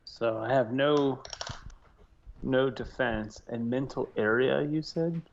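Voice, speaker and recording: A man at mid pitch plays a tabletop game, asking about and reading out the rules in a plain, matter-of-fact way. His voice comes through a dull, lo-fi mic. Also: slow pace, slight background noise. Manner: asks rules questions, reads rules plainly. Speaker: player. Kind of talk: casual tabletop play.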